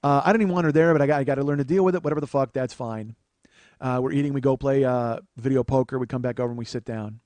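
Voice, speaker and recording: A man in his forties tells a long comic story as a podcast host. His speech is rambling and profane, with sudden rants. His pitch sits mid-range and the recording is dry and close. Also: steady tone, rapid-fire, darkish tone, no room sound. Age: 40s. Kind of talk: storytelling monologue.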